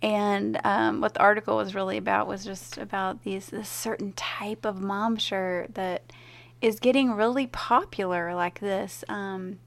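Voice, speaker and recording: A woman's voice: mid-range voice, steady tone, unhurried, gravelly. A woman, a mom, co-hosting a podcast in casual chat, telling stories with a giggle. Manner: chatty, giggly storyteller. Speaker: podcast co-host and blogger.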